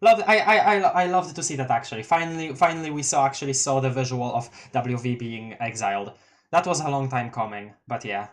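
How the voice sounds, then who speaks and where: An excitable streamer reading a webcomic live, reacting out loud and laughing often. The pitch sits in a medium range, and sentences often trail off and restart. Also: brisk. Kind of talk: casual live-read commentary.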